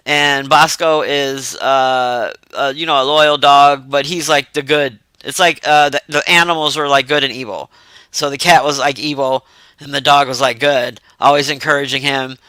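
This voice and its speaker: A man's voice: a little high, moderate pace, pushed and bright, clean tone, no echo. A man casually reviewing a movie in a rambling, filler-heavy way, with loose slang.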